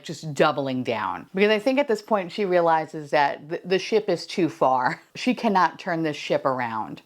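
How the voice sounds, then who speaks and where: Woman host, chatty beauty-vlog recapper, swears freely, slightly low voice with big swings in pitch. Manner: profane, animated, laughing storyteller. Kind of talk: casual recap while doing makeup.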